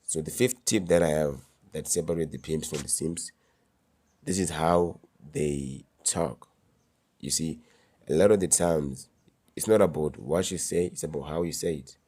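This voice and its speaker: Male vlogger, low voice, mellow tone, slangy and emphatic, casual advice delivery. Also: unhurried. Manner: slangy, emphatic, repeats key words.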